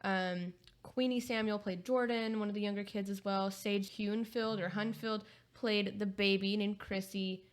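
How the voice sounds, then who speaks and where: A woman with an American accent, co-hosting a podcast in casual chat, chatty and quick to laugh. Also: mid-range voice, fairly even intonation. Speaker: podcast co-host.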